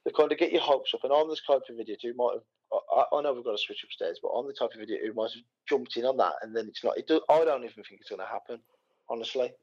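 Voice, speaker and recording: A man's voice: medium pitch, quick pace, highs cut off. A man co-hosting a casual podcast, telling a story in a rambling way with lots of fillers and restarts. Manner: rambling, animated retelling with many fillers and restarts. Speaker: podcast co-host. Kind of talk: casual chat.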